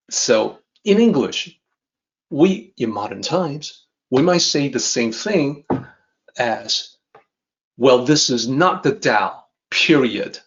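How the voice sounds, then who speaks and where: A man explaining an ancient text as a teacher, in a calm, measured lecture that repeats points for emphasis. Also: medium pitch. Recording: dull, slightly muffled recording.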